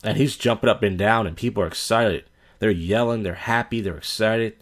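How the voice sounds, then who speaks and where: A man with a fairly low voice hosts a reaction video in a loose, casual way. His commentary is blunt and crude, and he talks straight over the clips. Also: moderate pace, very noisy. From Philadelphia.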